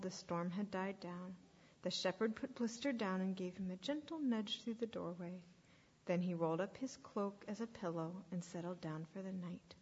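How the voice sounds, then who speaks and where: A woman reading a story aloud to children at church, expressive and sometimes dropping to a hushed whisper. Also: mid-range voice, slightly rough. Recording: echoey hall, dull lo-fi sound.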